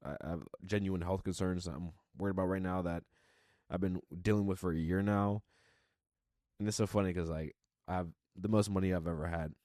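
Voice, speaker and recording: A man's voice: low-pitched, steady tone, a little fast, a little mellow, no echo, clean studio sound. A man co-hosting a podcast, chatting casually and reflectively, often repeating his points. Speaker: podcast co-host. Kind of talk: casual chat.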